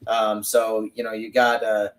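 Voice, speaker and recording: A middle-aged man co-hosts a casual podcast livestream, rambling chattily and reading viewer comments aloud. His voice is lowish, monotone and unhurried, and he sounds distant from the mic.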